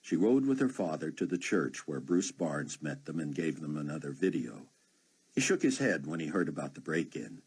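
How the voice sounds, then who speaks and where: A man narrating an unabridged audiobook in a steady storytelling manner. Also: rumbling low, normal speed, slightly rough. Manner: steady storytelling with many voiced characters.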